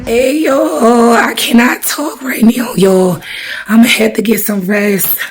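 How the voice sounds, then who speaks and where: A woman, chatting casually to her viewers in a vlog, tired and a little hoarse. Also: medium pitch, measured pace, crowd noise. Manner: chatty, addresses viewers as y'all. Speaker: vlogger.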